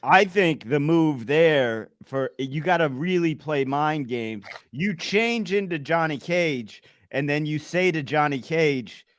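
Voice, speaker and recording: A man co-hosting a comedy podcast, ranting emphatically and excitably in casual banter. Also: a little high, slow, few pauses, dry recording, clean studio sound. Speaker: podcast co-host.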